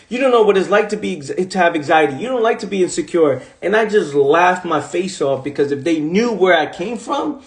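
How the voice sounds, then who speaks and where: A man's voice: high voice, lively intonation, a little fast, hardly any pauses, reverberant. A man, giving a livestreamed motivational monologue in an emphatic, repetitive, slangy way. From the Bronx, New York. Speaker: motivational coach. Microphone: phone livestream.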